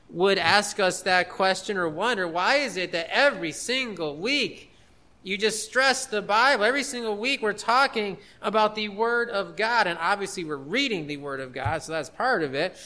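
A man's voice: sits high, pushed and bright. A man preaching an expository sermon to his congregation, earnest and emphatic, repeating key phrases. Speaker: pastor.

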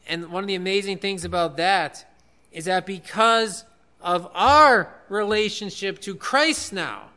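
High, bright-voiced male preacher. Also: clear, resonant tone. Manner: earnest, repeats key phrases for emphasis. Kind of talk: sermon.

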